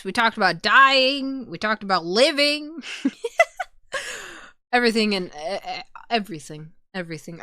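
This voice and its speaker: A woman's voice: mid-range voice, sharp tone, clean tone, dry recording, clean studio sound. A young woman streaming, chatting casually with viewers, laughing often and swearing freely. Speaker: VTuber streamer. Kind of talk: casual chat reading viewer messages.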